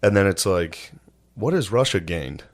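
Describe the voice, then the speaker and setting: Deep-voiced man telling stories casually. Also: expressive, unhurried. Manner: laid-back storytelling, acts out quotes, laughs often. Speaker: podcast co-host. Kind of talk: casual comedy podcast chat.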